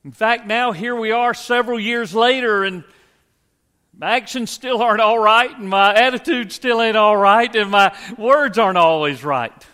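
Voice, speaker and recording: A man's voice: high-pitched, moderate pace, bright, forceful tone, smooth. A man preaching a sermon as pastor, earnest and conversational, asking the congregation rhetorical questions. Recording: long hall reverb.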